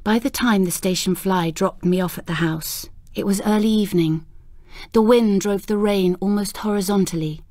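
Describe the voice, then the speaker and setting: A woman narrating a ghost story audiobook in a measured, unhurried way. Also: mid-range voice, a little mellow, dry recording, studio quality.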